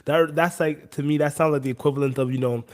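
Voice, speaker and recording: A man co-hosting a casual chat over a video call, relaxed and thoughtful, stretching out his phrases. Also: on the high side, fast talker. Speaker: co-host.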